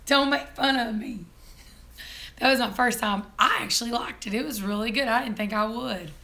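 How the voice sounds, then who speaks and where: A hoarse woman, hosting a casual live-stream chat, chatty and quick to laugh. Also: a little high, pushed and bright. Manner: chatty, laughs often, teasing. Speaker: vlog host.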